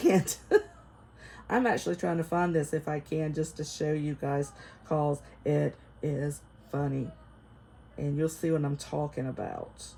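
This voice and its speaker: A middle-aged woman with a Southern US accent, chatting casually to camera as a vlogger, folksy and quick to laugh. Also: deep voice, creaky, mellow, slight background noise. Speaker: vlogger reviewing a Bible study.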